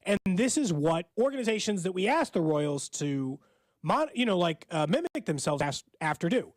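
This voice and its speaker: A man's voice: high-pitched, sing-song, normal speed, no echo. A man co-hosting a sports radio show, opinionated and thinking aloud as he talks. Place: radio studio. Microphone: studio microphone.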